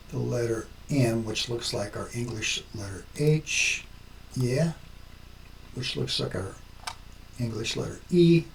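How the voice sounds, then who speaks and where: A man hosting a language tutorial, explaining slowly and step by step as he works through his screen. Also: medium pitch, vocal fry, a little mellow, distant mic, a little hiss or hum, rough recording. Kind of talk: screen-recorded tutorial narration.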